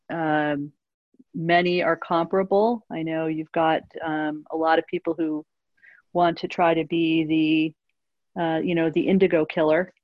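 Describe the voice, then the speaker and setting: An industry analyst, a woman with a lowish voice, answers audience questions in a webinar, sounding hesitant and full of fillers and restarts. The recording is dry, with dull lo-fi webinar audio.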